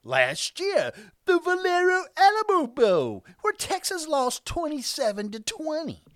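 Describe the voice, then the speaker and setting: A woman's voice: sits high, wildly swooping pitch, a little slow, no echo, clean studio sound. A woman hosting a sports picks podcast, narrating her script with a playful, exaggerated delivery. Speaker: podcast host.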